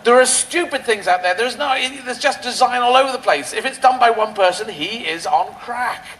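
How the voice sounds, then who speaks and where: A man performing a stand-up routine on an outdoor rally stage, with a rambling, surreal, playful delivery full of quick asides. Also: very high-pitched, lively intonation, a bit bright, rough recording. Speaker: stand-up comedian.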